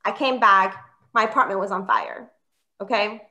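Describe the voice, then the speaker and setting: A woman's voice: mid-range voice, moderate pace, pushed and bright, dull audio. A woman in her thirties performing a chatty, self-mocking stand-up set on a comedy club stage, acting out her own quoted dialogue. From Palestinian American.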